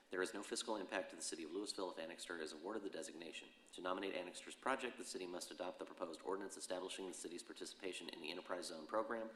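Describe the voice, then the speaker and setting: A very low-voiced man chairs a city council meeting, running through motions and votes at a fast clip. His voice rings in a roomy council chamber with a long reverb tail, and he reads the procedural rules aloud in a brisk, businesslike way. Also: fairly bright tone, a little hiss or hum.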